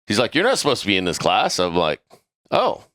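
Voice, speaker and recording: A man's voice: deep voice, wildly swooping pitch, quick pace, a bit bright, no room sound, clean studio sound. A middle-aged man telling a story in casual, profanity-laced chat, acting out the voices of the people in it. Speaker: podcast crew member telling a story.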